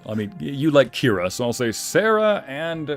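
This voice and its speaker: A mid-range male voice at normal speed narrates a story while streaming a game, keeping the chat casual. Quoted lines come out louder and animated, and there's faint background music.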